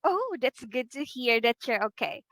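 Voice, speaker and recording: A woman teacher with a Filipino English accent, giving a slow, encouraging online phonics lesson to a child and modelling each sound for her. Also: on the high side, big pitch swings, fairly bright tone, no room sound, low-quality recording.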